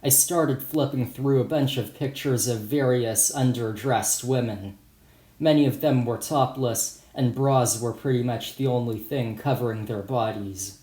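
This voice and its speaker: A man's voice: medium pitch, unhurried, mellow. A man reading his own first-person story as an audiobook in a plain, matter-of-fact way. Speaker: author and narrator. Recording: roomy echo.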